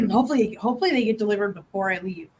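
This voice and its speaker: A woman's voice: mid-range voice, expressive, fast talker, breathy edge. A woman hosting a casual live-stream chat from home, laughing often and cooing at her cats. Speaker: host.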